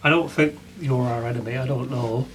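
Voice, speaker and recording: A man voices his character in a tabletop game, casual and hedging. He keeps softening his words and explaining himself. His voice sits at an ordinary pitch. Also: steady tone, a little fast. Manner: apologetic, hedging. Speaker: player.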